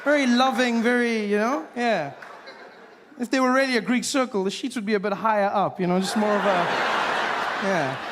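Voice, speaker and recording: A man's voice: sits high, normal speed. A man doing stand-up comedy, teasing playfully in front of a live audience. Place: theater before a loud audience. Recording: live show with loud crowd and heavy noise.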